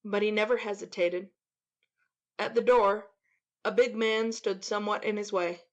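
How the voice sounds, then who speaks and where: A woman narrates a classic tale in a measured, expressive voice at an even middle pitch. Her reading is steady and dramatic, shaping each scene. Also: lo-fi sound. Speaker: audiobook narrator.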